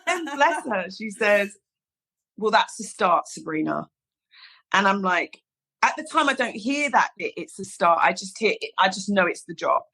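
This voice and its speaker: On a podcast, a woman who founded a hairstyling business tells a personal story in relaxed chat, her voice mid-range and her pace moderate. She's an animated storyteller who acts out the quoted dialogue and says "like" a lot.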